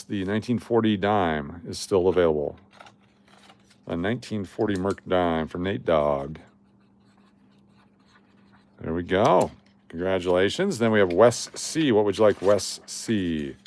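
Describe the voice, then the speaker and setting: A man's voice: deep voice, lively intonation, measured pace, long pauses, darkish tone. A middle-aged man from Las Vegas hosting a casual coin live stream, chatting and reading viewer comments aloud. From Las Vegas, Nevada. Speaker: livestream host running coin giveaways.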